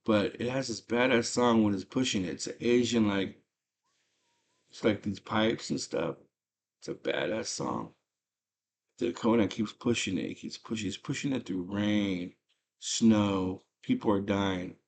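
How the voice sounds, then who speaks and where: Low-voiced man retelling a movie. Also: measured pace, gravelly. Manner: animated, slangy storytelling with frequent fillers. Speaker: movie chat host.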